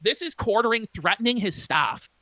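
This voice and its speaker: A woman's voice: a little high, animated, moderate pace, sharp tone, dry recording. A woman giving sarcastic, incredulous commentary over a played clip. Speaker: video commentator. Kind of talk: mocking reaction commentary.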